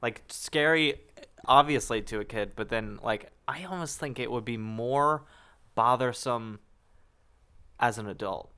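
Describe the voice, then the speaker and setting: A man on a podcast, reacting quickly and playfully in relaxed conversation with his co-hosts. He speaks casually and keeps things light. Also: mid-range voice, smooth. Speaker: podcast co-host. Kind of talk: casual chat.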